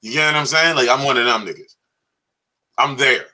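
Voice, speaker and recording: A man's voice: medium pitch, fairly quick, bright, forceful tone, low-quality recording. A man co-hosting a podcast, telling jokey stories in casual banter and laughing often. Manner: joking storyteller, drops into quoted voices, laughs often. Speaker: podcast co-host.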